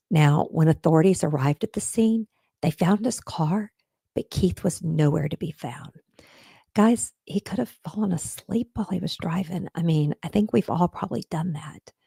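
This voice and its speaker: A woman's voice: deep voice, gravelly, dark tone, no room sound. A woman hosting a casual true-crime live stream, chatting straight to viewers and making earnest pleas. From Texas. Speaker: podcast host.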